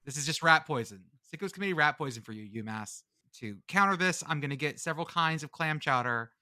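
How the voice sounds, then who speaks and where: Male podcast co-host, slightly high, bright and forceful, jokey and stumbling. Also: expressive, fast talker, no room sound, clean studio sound. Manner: jokey, riffing, stumbles over words. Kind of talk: casual sports chat.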